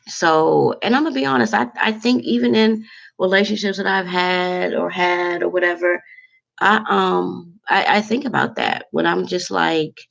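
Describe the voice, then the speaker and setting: Woman vlogger, really gravelly fry voice, heartfelt and halting, kinda teary. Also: fairly low pitch, muffled recording. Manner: emotional, heartfelt, halting with many fillers. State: close to tears. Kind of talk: candid to-camera monologue.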